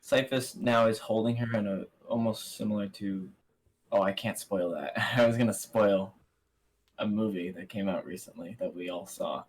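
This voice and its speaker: Dude playing a tabletop rpg, lowish voice, casual and swears a bit. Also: male voice, normal speed, low-quality recording. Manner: casual, swears, narrates own character. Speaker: player.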